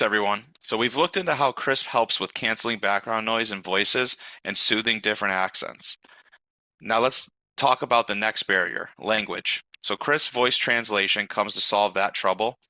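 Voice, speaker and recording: Male demo host, low and bright-toned, polished, upbeat presenter. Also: normal speed, no echo, poor audio. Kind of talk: scripted product demo presentation.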